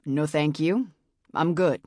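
A woman's voice: low voice, takes it slowly, no echo, studio quality. Woman doing a laid-back, weary film star man. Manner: relaxed, easygoing.

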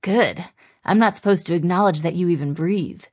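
A woman voicing a husky, defiant young man in an audiobook. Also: fairly low pitch, normal speed.

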